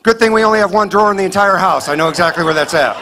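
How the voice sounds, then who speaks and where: Very fast and high-pitched, this man works through a clean stand-up set against a noisy background and audience laughter. The comedian, from the Kansas City area in the US, tells punchy stories with mock dialogue.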